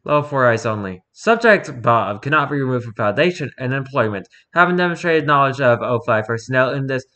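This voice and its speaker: A man reading a horror document aloud in an even, report-like narration. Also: medium pitch. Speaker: reader.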